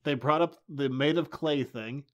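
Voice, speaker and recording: A man's voice: fairly high pitch, unhurried, lo-fi sound. A man in his late twenties co-hosting a comics podcast, chatting casually and joking animatedly. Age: late 20s. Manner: joking, animated, laughs often. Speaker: podcast co-host. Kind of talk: casual chat.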